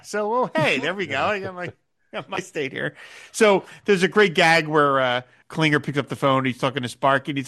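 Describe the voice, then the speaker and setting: Bright-voiced man recapping an episode. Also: fairly high pitch, fairly quick. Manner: animated, acts out quoted lines, laughs often. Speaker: podcast host. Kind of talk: casual chat recapping a TV episode.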